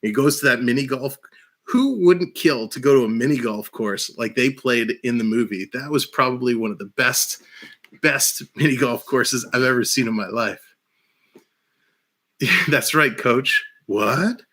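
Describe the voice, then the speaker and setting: Guy on a headset doing a chill live stream, bright voice, keeps laughing and rambling on. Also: mid-range voice, unhurried. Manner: laughs often, rambling and enthusiastic. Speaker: livestream host. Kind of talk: casual live-stream chat. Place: small room at home.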